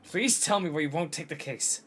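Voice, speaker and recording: A man's voice: a little high, moderate pace, fairly bright tone, slight background noise, lightly acted. A man voicing an earnest young male defense lawyer who talks in a hesitant, stammering way. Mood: pleading.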